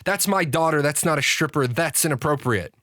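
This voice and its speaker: A man's voice: fairly high pitch, a little fast, bright, forceful tone, no room sound, clean studio sound. Indignant scolding mother, as a man puts her on. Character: fussy scolding mother, woman.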